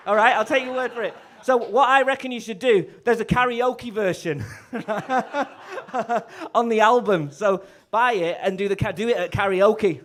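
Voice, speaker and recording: Brief: male bandleader, high for a man, loose jokey stage patter into a live mic, lots of laughs and restarts. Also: a little slow, hardly any pauses, a bit bright, slight background noise. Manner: jokey, chatty, laughs often, stumbles and restarts. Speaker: bandleader and clarinettist. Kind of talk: stage banter between tunes. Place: live music venue.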